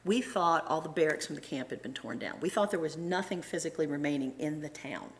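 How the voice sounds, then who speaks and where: Lively woman telling a travel story. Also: low-pitched, a little fast. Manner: animated storyteller who acts out dialogue. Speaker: guest speaker at a church. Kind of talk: personal travel story told to a congregation. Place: church.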